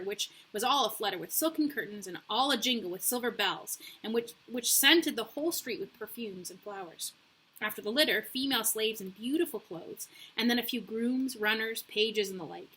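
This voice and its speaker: A young adult woman reading a chapter book aloud in a relaxed, casual way, with slips and self-corrections. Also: medium pitch, moderate pace, breathy edge. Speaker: reader. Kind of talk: casual read-aloud for children.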